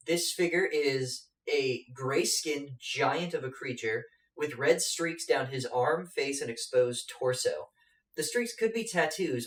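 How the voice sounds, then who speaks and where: Halting game master in an echoey room. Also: male voice, mid-range voice, fairly bright tone, recorded from a distance. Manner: halting, many fillers. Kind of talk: narrating a tabletop game.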